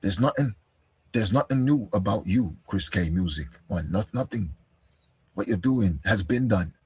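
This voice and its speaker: A man's voice: fairly low pitch, expressive, moderate pace, breathy edge. A man giving an argumentative reaction commentary, firing rhetorical questions and talking straight at the person he answers. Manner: combative, fires rhetorical questions, calls listener "bro". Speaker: commentator responding to a video.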